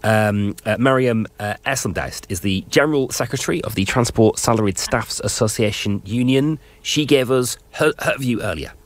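A man's voice: medium pitch, normal speed, few pauses. A man presenting late-night radio news chat, rambling and self-deprecating with many fillers. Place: radio studio.

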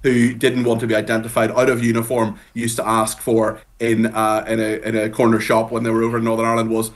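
A man's voice: on the low side, completely flat delivery. A man speaking as a guest commentator on a radio show, blunt and opinionated about politics. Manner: blunt, opinionated, talks in rapid bursts.

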